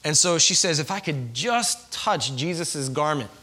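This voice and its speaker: High, bright-voiced pastor preaching casually. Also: male voice, unhurried, faint music behind. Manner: conversational, animated preaching with asides to the congregation. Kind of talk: sermon.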